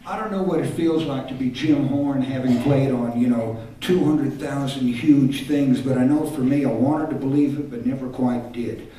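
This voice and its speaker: A man's voice: medium pitch, normal speed, mellow, slight background noise. Older man telling stage stories, echoey hall. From Texas. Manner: reflective, self-deprecating storytelling. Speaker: singer-songwriter. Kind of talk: stage talk between songs. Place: concert stage. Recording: echoey live hall from far off. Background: guitar music.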